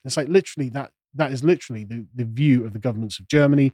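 A man's voice: medium pitch, rapid-fire, dark tone, no echo. A man co-hosting a casual political podcast, sardonic, mocking the people he quotes. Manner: sardonic, mocks quotes in put-on voices. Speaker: podcast co-host.

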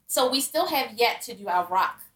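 A woman's voice: fairly high pitch, animated, moderate pace, fairly bright tone, distant mic. A woman co-hosting a casual podcast chat, asking curious questions and giggling. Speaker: podcast co-host. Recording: echoey room, faint noise.

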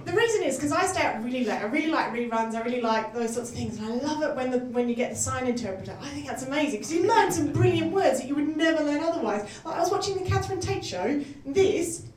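A woman's voice: high voice, animated, fast talker, few pauses, darkish tone. A woman doing a chatty, self-mocking stand-up comedy set, laughing at her own jokes. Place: comedy club stage. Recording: roomy, distant live venue mic with faint ambience.

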